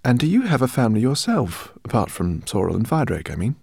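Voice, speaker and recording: A man's voice: mid-range voice, wildly swooping pitch, quick pace, gravelly, breathy edge, dry recording, clean studio sound, voice pushed up, full character voice. A man voicing a kindly, bookish male professor who talks in a courteous, rambling way. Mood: genial. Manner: courteous, rambling, gently embarrassed. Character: kindly bookish male professor, middle-aged, fussy host.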